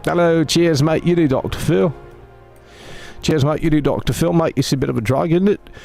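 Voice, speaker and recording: Faint music plays behind a man whose mid-range, slightly mellow voice sounds close to everyday speech at a normal speed. He's a streamer playing a cheeky British-bloke caricature, attaching "mate" and "cheers" to almost every line as he teases his live audience.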